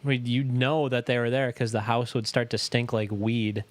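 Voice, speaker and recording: A man co-hosting a podcast in casual chat, joking and swearing in quick banter. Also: mid-range voice, flat delivery. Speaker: podcast co-host.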